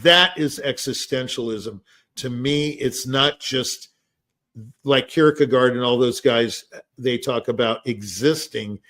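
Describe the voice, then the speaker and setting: A man's voice: mid-range voice, slow pace, fairly bright tone. An older man in casual discussion, telling rambling stories with many fillers and restarts. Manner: rambling, anecdotal, many fillers like "you know". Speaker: podcast host.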